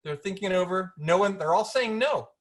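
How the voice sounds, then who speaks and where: A woman's voice: on the low side, expressive, a little fast. A woman author chatting over a video call, playful and rambling, often stopping and restarting her sentences. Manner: playful, rambling, self-interrupting. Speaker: author being interviewed. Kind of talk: casual video-call conversation. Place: home, virtual event.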